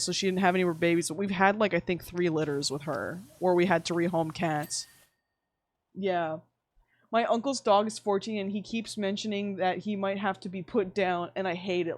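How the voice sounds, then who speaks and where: A young woman livestreaming, chatting casually while she plays, rambling and swearing with sudden animated outbursts. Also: mid-range voice, normal speed, no room sound. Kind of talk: casual chat while gaming.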